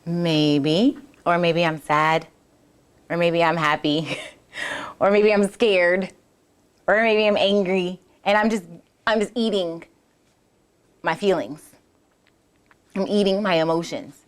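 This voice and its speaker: A woman's voice: fairly low pitch, steady tone, takes it slowly, pauses often. Earnest woman musing on self-talk. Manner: earnest and conversational, acts out inner voices, many restarts. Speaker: bodywork therapist and podcast host. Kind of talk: reflective solo talk.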